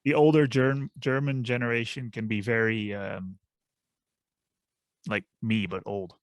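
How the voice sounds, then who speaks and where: A man co-hosts a casual podcast, talking in a loose, sometimes halting way. His voice has a gravelly fry to it, recorded dry and close. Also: mid-range voice, little pitch movement, dry recording. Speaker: podcast co-host.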